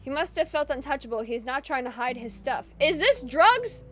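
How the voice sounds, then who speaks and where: A young woman with a high, bright voice streams a detective game from her desk mic, giggling and swearing casually as she reads the game text aloud. Faint game music hums underneath. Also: brisk. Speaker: gaming streamer. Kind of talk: casual live-stream chat and gameplay.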